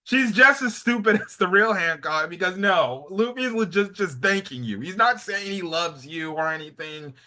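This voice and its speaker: A young man giving a casual anime episode review, excitable, slangy and rambling. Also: high voice, normal speed, hardly any pauses.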